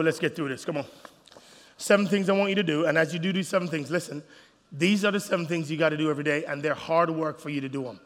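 A man preaching a sermon to a crowd of couples, animated, calling out to the men and acting out little scenes. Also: fairly high pitch. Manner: animated, acts out voices, calls out to the crowd. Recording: reverberant hall.

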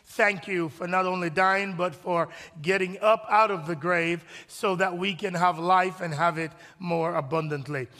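A man preaching a sermon as pastor, with animated, lively storytelling and call-and-response with the congregation. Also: high-pitched, measured pace, hardly any pauses, in a large hall.

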